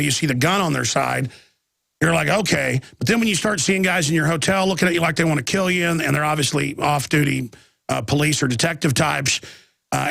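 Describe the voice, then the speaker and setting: A man's voice: on the high side, gravelly, fairly bright tone, no echo. A man in his thirties with a Texan accent hosting a live talk radio show, telling a rambling story full of restarts and quoted voices.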